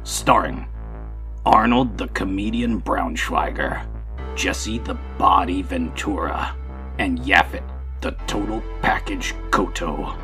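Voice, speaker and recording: A man putting on the voice of a dramatic movie-trailer announcer for a parody trailer, booming and drawn out. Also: sharp tone, faint music behind, full character voice. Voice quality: gravelly, booming, drawn-out delivery.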